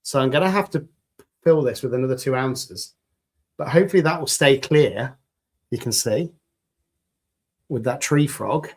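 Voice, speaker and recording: A man's voice: medium pitch, moderate pace, pauses often, husky. A man hosting a resin crafting livestream, chatting casually with viewers in an upbeat, jokey way. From United Kingdom. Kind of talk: casual livestream chat reading viewer comments.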